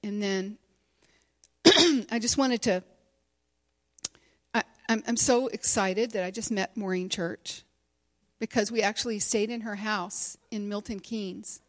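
A woman's voice: mid-range voice, fairly even intonation, measured pace, pauses often. A middle-aged woman speaking candidly to a women's gathering, sharing a personal testimony in a conversational way with many fillers. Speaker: conference speaker and teacher.

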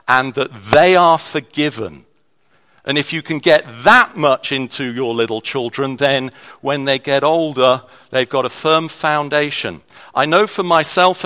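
A man's voice: a little high, fairly bright tone. Man preaching a conversational sermon. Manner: conversational, with restarts and varied emphasis.

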